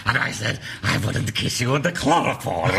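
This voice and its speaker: A man's voice: on the low side, very animated, moderate pace, vocal fry, very noisy. A man playing a swaggering male pantomime henchman with a put-on accent, joking in character on a TV sofa. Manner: jokey, laughing in character.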